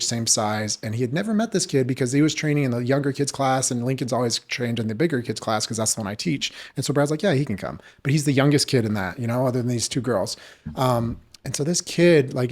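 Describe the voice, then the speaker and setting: A man's voice: medium pitch, a little mellow. A man, a jiu-jitsu coach and podcast guest, telling stories in a loose, rambling way with lots of fillers and casual swearing. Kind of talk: casual storytelling chat.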